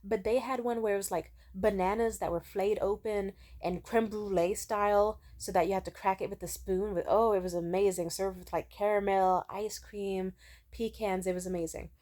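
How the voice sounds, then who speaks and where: Warm and steady at a normal pace, this young woman's mid-range voice carries casual, chatty stories told to camera. She curses freely, acts out what others said, and keeps saying "like" and starting sentences over.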